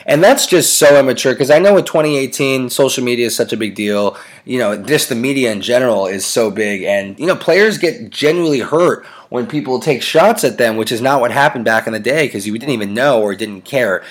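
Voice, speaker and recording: A man's voice: medium pitch, fairly quick, few pauses. Opinionated man hosting a sports podcast. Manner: opinionated, ranting. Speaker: podcast host. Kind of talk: casual sports podcast chat.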